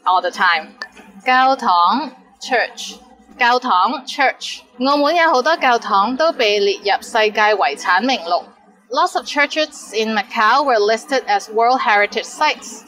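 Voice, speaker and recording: A young woman, teaching vocabulary in a chatty video lesson and repeating each word slowly for learners. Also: a little high, a bit bright, poor audio. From Hong Kong. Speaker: language teacher.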